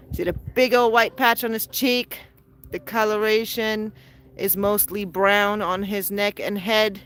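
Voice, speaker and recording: Woman narrating a goose vlog outdoors. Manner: explains patiently, coos high-pitched baby talk at her birds. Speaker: pet goose channel host. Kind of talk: casual narration to camera. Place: outdoors in a backyard with poultry. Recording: outdoor noise clearly audible.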